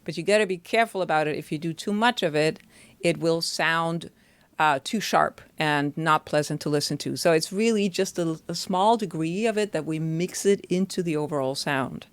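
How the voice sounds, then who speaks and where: A woman's voice: sits low, normal speed, smooth, no room sound. A woman voice teacher explaining singing technique in a chatty, step-by-step way, often checking in with the listener.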